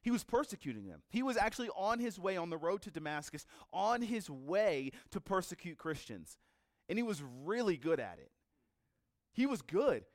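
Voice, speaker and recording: Guy pastor preaching, high voice, really animated storytelling, acts out the people in the story. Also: normal speed, no room sound, studio quality. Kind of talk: sermon.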